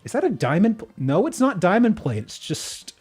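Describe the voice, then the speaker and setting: Giggly streamer man with a lively voice. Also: high-pitched, moderate pace, slightly rough, soft background music. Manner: giggly and excitable, breaks into laughs and restarts. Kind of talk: casual live-stream commentary.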